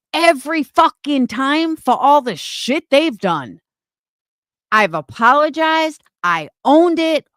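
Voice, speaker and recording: A woman's voice: a little high, a bit bright, dry recording. A woman streamer delivering an angry, profane, confrontational rant on a livestream.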